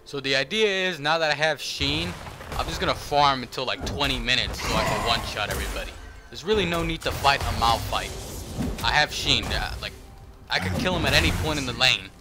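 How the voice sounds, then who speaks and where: A man's voice: mid-range voice, fairly quick. A young man commenting on his own video game match, swearing and ranting in frustration at other players. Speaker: gaming streamer. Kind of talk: gameplay commentary. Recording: music bed under the voice.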